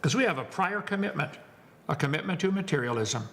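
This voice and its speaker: A man's voice: fairly high pitch, lively intonation, a little fast, fairly bright tone, long reverb tail. A man giving a lecture to an audience, wisecracking, preachy and emphatic. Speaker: seminar speaker.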